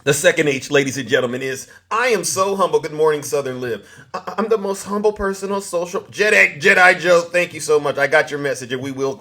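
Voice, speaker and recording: A man with a high voice hosts a social media livestream. He boasts theatrically, chuckles often and stops to greet viewers by name. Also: a bit bright. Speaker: livestream host. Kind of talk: TikTok live commentary.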